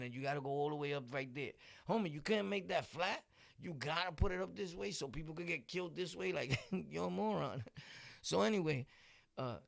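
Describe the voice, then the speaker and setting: A man's voice: fairly high pitch, gravelly, no room sound, studio quality. A man with a Brooklyn accent casually telling a street story, full of slang and laughing asides. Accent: New York, Brooklyn. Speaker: vlog host.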